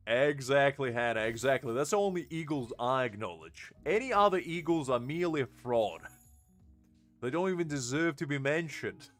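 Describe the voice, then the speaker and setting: Young male streamer, easygoing mid-pitched chatter, quick laughs, faint music under him. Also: lively intonation, fairly bright tone. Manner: chatty, laughs often, answers chat messages. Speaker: game streamer. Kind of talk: casual live-stream chat.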